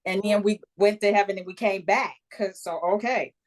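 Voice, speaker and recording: A woman's voice: medium pitch, normal speed. An American woman in her fifties, a guest telling a personal story in an interview, acting out voices and often checking in with "okay?". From United States. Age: 50s. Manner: animated storyteller who acts out voices and keeps checking in with "okay?". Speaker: guest, Reiki practitioner.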